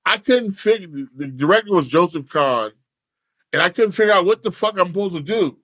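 A man's voice: high-pitched, brisk, breathy edge, dry recording, studio quality. A man telling a story casually with heavy profanity and acting out the quotes. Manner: animated, profane, acts out quotes. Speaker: podcast guest telling a story.

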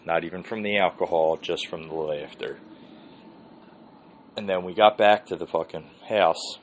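Low-voiced man telling a rambling story. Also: normal speed. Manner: rambling, heavy swearing, laughs often. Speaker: podcast host. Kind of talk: casual storytelling. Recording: dull lo-fi sound with faint hiss.

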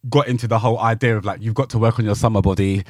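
A man's voice: fairly low pitch, fairly even intonation, racing, no room sound, studio quality. A man, co-hosting a podcast and chatting casually about his dating life, acting out what others said. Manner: chatty storyteller who acts out other people's lines. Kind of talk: casual chat.

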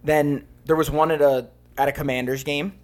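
A man's voice: on the high side, moderate pace. A young man co-hosting a casual sports podcast, swearing freely and acting out what people said. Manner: animated, swears, acts out quotes. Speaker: podcast co-host. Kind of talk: casual chat.

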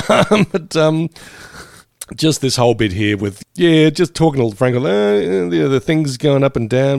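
A man's voice: mid-range voice, expressive, normal speed, vocal fry, darkish tone, no room sound, clean studio sound. A man co-hosting a podcast in casual chat, laughing often and swearing freely. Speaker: podcast co-host.

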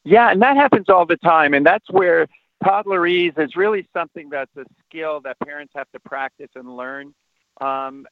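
A man's voice: mid-range voice, dry recording. Earnest man on a tinny phone line. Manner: earnest, animated when demonstrating how to talk to kids. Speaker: parenting expert guest. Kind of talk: explanatory interview answers.

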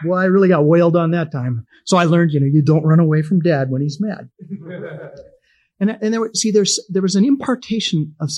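A man's voice: on the high side, a little mellow, breathy edge. A middle-aged man teaching from the Bible in a homespun, conversational way, telling personal stories and chuckling as he goes.

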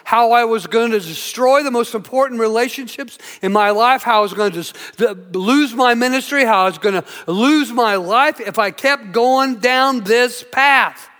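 An earnest male pastor preaches in a very high, bright voice and repeats key words for emphasis. The recording carries long reverb from a church sanctuary. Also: moderate pace, hardly any pauses. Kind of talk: sermon with storytelling. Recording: echoey hall reverb.

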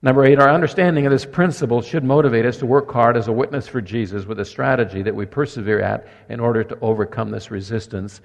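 A man's voice: medium pitch, fast talker, gravelly, few pauses. Older male pastor preaching in a hall. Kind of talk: sermon. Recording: long echo of a church hall.

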